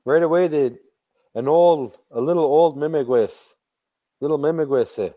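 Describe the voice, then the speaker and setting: Slow-paced male oral storyteller. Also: on the high side, narrow, tinny audio. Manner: slow, repetitive, with sudden animated emphasis. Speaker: traditional storyteller.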